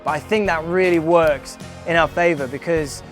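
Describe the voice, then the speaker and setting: A man's voice: fairly high pitch, fairly even intonation, normal speed, soft background music. A young British man, a stage actor, explaining his craft thoughtfully in a casual interview. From Britain.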